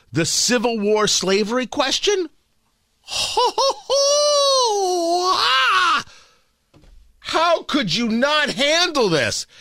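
A man's voice: high-pitched, dry recording, clean studio sound. Combative, sarcastic radio host man. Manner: sarcastic, combative, swings between mutters and loud mock outbursts. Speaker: radio talk show host. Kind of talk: opinionated talk radio monologue. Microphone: studio broadcast mic.

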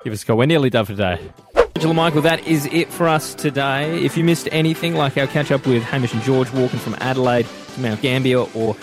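Laughing radio quiz host. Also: male voice, mid-range voice, fairly even intonation, quick pace, over music. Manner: laughs often, teasing quizmaster.

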